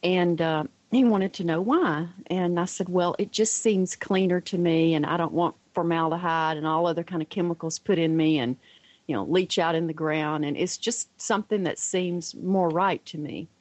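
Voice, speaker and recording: Animated middle-aged woman telling family stories. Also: on the low side, moderate pace, no echo, poor audio. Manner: animated storyteller who acts out the quoted voices. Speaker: radio guest. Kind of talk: storytelling on a radio show.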